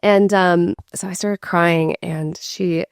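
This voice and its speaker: A woman's voice: fairly low pitch, takes it slowly, vocal fry, smooth, no echo, clean studio sound. A woman in her thirties hosting a casual podcast interview, telling stories animatedly and saying "like" a lot. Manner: animated storyteller, heavy use of "like". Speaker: podcast host.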